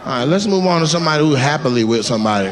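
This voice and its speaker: Racing along at a fairly high pitch with lively intonation, this comedian brashly and profanely teases people in the audience during crowd work. It's a live show at a comedy venue, recorded with audience sounds and noise.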